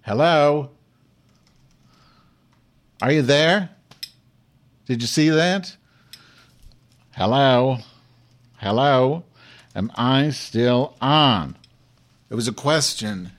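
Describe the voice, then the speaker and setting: A man with a mid-range, expressive voice draws out his words and leaves long pauses. In improvised comedy he plays a brash, foul-mouthed Jewish woman hosting a live online show, grumbling through profane, abrasive, rambling rants.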